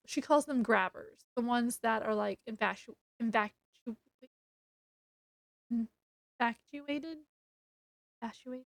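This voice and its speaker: A woman's voice: on the high side, unhurried, vocal fry, a bit bright, no echo. A young woman casually retelling a novel's plot for a book review, chatty, with frequent fillers and laughs.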